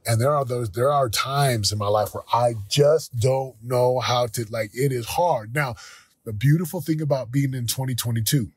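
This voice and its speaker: A man in his forties, hosting a motivational talk, speaking earnestly and candidly with a slightly husky voice. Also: medium pitch, normal speed, no room sound. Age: 40s. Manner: earnest, candid, with self-quoting asides. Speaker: podcast host.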